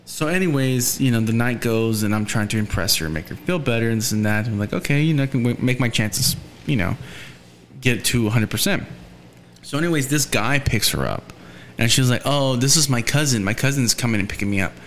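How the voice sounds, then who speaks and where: A man's voice: mid-range voice, fairly quick, fairly bright tone, slight background noise. A young man in casual talk, telling a rambling story and acting out the voices of the people in it.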